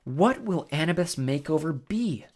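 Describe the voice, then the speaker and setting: A man's voice: huge pitch swings, slow, heavily acted. A man voicing a haughty, easily flustered female sorceress in a storybook reading, drawling and mocking. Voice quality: high, shrieking put-on voice. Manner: drawling, mocking, then yelping.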